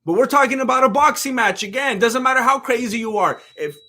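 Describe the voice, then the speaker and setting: A young male host riffs on fight news in a loose, slangy way, often stumbling over his words as he restarts a thought. His voice sits high for a man and has a bright, edgy tone. He sounds a bit hoarse here and there. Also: fairly quick. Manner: animated, slangy, repeats himself. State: throat giving out. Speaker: YouTube MMA commentator. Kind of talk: casual commentary reading chat.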